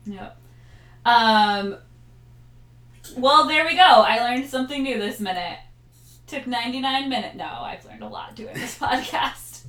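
A woman's voice: fairly high pitch, animated, unhurried, long pauses, fairly bright tone. A woman hosting a podcast in casual chat, laughing often and trailing off with fillers over a call. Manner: giggly, chatty, hesitant fillers. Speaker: podcast host. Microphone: talking over a video call. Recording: roomy echo.

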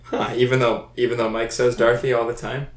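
A man's voice: mid-range voice, flat delivery, brisk. A man guesting on a podcast, chatting casually with a wry, teasing manner. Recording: roomy echo.

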